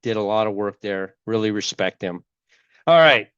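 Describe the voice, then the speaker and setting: A man hosting a casual religious commentary video, rambling and halting, with a cold and a sore throat. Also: fairly low pitch, animated, a bit bright, clean tone, no room sound, lo-fi sound. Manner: rambling, halting, many restarts. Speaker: YouTube host.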